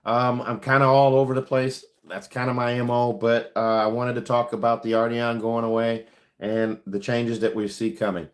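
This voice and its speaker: A man hosts a casual livestream as a car salesman, talking in a loose, rambling way full of ums and uhs. He gives frank, practical advice at a medium, unremarkable pitch. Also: flat delivery, normal speed. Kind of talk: casual livestream chat answering viewer questions.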